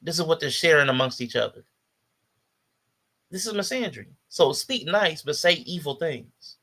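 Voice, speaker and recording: Gravelly-voiced man giving blunt commentary. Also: fairly high pitch, lively intonation, moderate pace, bright, forceful tone. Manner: blunt, disdainful, repetitive emphasis. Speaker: podcast host. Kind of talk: casual commentary on clips.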